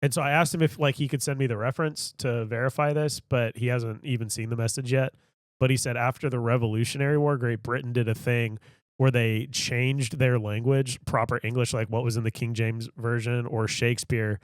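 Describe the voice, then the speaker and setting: A man's voice: medium pitch, fairly even intonation, brisk, dry recording. Male podcast co-host, casual storyteller, dry close mic, mid voice. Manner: rambling, tells stories in long run-on sentences. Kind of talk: casual chat.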